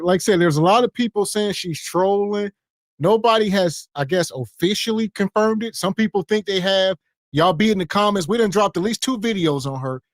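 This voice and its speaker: Laid-back podcast host, fairly high voice. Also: male voice, dry recording, clean studio sound. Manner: laid-back, reads viewer comments aloud. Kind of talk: casual podcast commentary.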